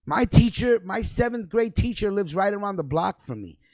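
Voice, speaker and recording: A man's voice: high voice, animated, normal speed, a little mellow, no echo. A young man hosting a radio show, delivering a fiery, profane, repetitive freestyle rant.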